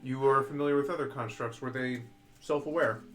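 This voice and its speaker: An earnest, stiffly formal warforged played by a man in a tabletop game. He picks his words carefully and pauses with small hesitations. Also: mid-range voice, fairly even intonation, a bit bright, faint music behind, natural voice. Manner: formal, precise wording with hesitations.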